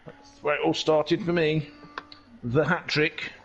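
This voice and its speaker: A man's voice: fairly high pitch, measured pace, dull audio, faint music behind. A man giving jokey, rambling live commentary on a sim race. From England. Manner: excitable, jokey, tangent-prone.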